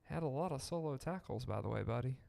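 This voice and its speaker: A man co-hosting a casual sports podcast, talking in a slow, rambling way with fillers. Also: medium pitch, expressive, vocal fry, a little mellow. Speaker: podcast co-host.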